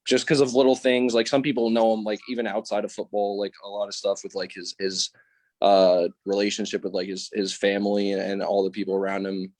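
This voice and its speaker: A man's voice: fairly low pitch, flat delivery, a little fast, darkish tone, dry recording. A young man on a sports podcast, hesitating often and filling his points with "like" as he argues. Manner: hesitant, restarts often, many "like"s. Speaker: podcast co-host. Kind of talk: casual sports debate.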